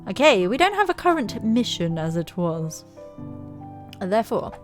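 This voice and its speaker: A woman's voice: mid-range voice, big pitch swings, moderate pace, faint music behind. A woman streamer talking through a game in a playful, mock-formal way. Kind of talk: let's play commentary.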